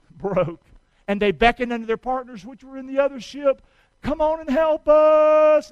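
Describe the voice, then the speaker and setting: A preacher with a high, smooth, ringing voice leads his congregation in call-and-response. He swings from hushed, earnest pleading to loud, fervent cries. The sound is dry and close. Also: no room sound, rough recording. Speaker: pastor. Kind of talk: sermon.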